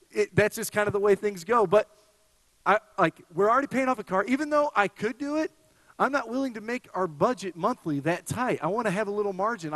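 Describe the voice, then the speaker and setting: A man giving a conversational sermon as a pastor, animated when telling stories, with frequent restarts. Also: high-pitched, no room sound, long reverb tail, rough recording.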